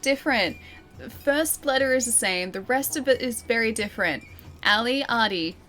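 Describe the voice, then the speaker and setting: Young female streamer, higher voice, playful and laughing, talking to chat over a desk mic. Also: animated, moderate pace, pushed and bright, soft background music. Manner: giggly, teasing, chatty with her chat. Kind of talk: live-streamed gameplay chat.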